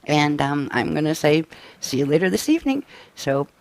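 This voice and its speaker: A man presenting a live-stream workshop briefing, tired and coughing, with his voice giving out and frequent halting restarts. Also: on the high side, sing-song, vocal fry, no echo. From United States. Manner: tired, up all night.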